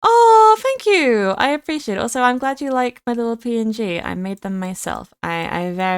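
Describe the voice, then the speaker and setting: A woman's voice: a little high, expressive, moderate pace, smooth, dry recording. A young woman streaming a game, chatting casually and playfully, often repeating words for emphasis. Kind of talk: casual live-stream chat while gaming.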